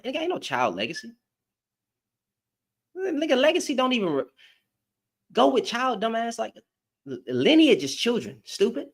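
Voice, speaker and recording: A man's voice: sits high, wildly swooping pitch, normal speed, long pauses. A man giving a blunt, profane opinion rant to camera, firing off rhetorical questions as a commentary vlogger.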